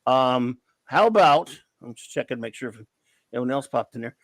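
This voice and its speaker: A man's voice: medium pitch, lively intonation, normal speed, no echo. A man with a Cajun accent hosting a casual livestream chat, talking in a playful, rambling, jokey way. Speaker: podcast host.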